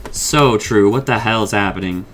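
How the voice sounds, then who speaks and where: A man's voice: on the low side, normal speed, a bit bright. A man hosting a podcast, casually recapping and discussing an episode in a rambling way, swearing freely and paraphrasing the characters' lines. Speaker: podcast host.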